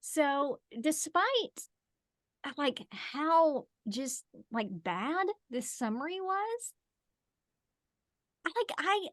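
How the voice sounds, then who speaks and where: A woman's voice: high voice, very animated, a bit bright, no room sound, clean studio sound. A woman co-hosting a casual book chat over a video call, teasing and joking. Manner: teasing, joking, drawn-out speech. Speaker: podcast co-host.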